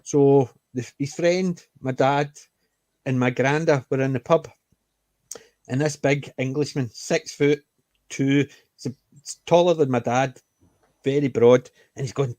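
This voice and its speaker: A middle-aged man telling family stories in casual conversation, animated and lively. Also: medium pitch, measured pace, long pauses, no room sound. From Scotland. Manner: animated anecdote teller, lively.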